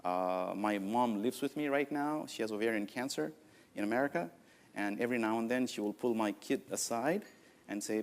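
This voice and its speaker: A man in his forties from Nepal, with a Nepali accent, giving a conference keynote in an anecdotal, lively way with many "uh, you know" fillers. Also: fairly low pitch, normal speed. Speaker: conference speaker.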